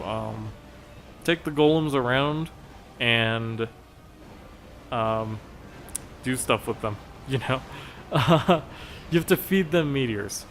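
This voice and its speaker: A man's voice: medium pitch, slight background noise. A man commentating over gameplay footage, explaining a raid strategy in a chatty, rambling way and laughing at his own slip-ups.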